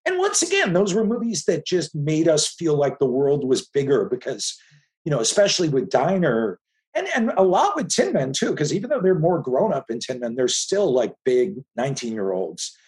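A man in his fifties from the Philadelphia area, a filmmaker guest telling stories in casual conversation with animated restarts. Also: a little high, moderate pace. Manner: animated storytelling with frequent restarts.

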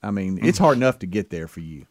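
A man's voice: low-pitched, sing-song, fast talker, no echo, studio quality. Man host asking questions. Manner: asks questions, brief interjections. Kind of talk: casual chat.

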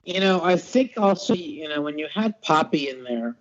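A man's voice: on the high side, expressive, normal speed. A man from the Boston area, a podcast guest in casual sports chat, rambling and easygoing with restarts. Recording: dull lo-fi audio.

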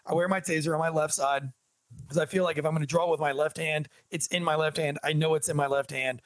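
A man who is a police officer, telling a story on a podcast in a casual, animated and joking way. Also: fairly high pitch, fast talker, no room sound. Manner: animated, jokey storyteller, acts out dialogue.

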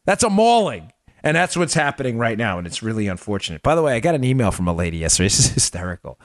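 A man's voice: medium pitch, sing-song, fast, no room sound, clean studio sound. Emphatic fired-up podcast host man. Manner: emphatic, punchy, fired-up rhetorical questions. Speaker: podcast host, former federal agent. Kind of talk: political commentary show.

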